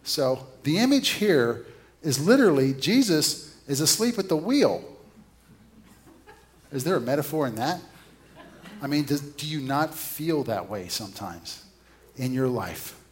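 A man's voice: fairly high pitch, very animated, a little slow, pauses often. A man preaching a sermon in a conversational, storytelling way, often putting questions to his listeners.

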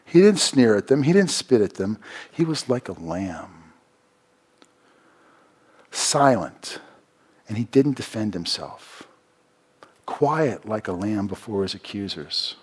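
A man preaching a sermon, repeating phrases for emphasis and swinging from loud, raised lines to quiet, low asides. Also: big pitch swings, takes it slowly, pauses often, slightly rough. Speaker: pastor.

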